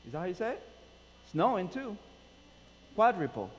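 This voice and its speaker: This pastor speaks with a Nicaraguan Spanish accent, his high-pitched voice quick and lively in intonation. Joking informally and poking fun at himself, he greets the congregation, prays, and begins a friendly sermon in the church sanctuary. A faint hum runs through the echoey church hall.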